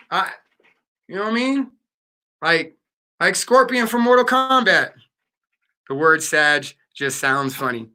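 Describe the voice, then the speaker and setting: Bright high-voiced playful male streamer. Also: moderate pace, long pauses. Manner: playful, slangy, talks to the chat. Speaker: livestream host. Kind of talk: casual live chat.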